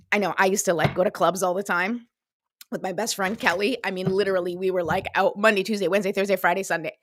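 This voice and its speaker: A woman in her thirties hosting a casual motivational talk, chatty and animated, full of fillers, acting out little voices as she goes. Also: mid-range voice, no echo, clean studio sound. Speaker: host.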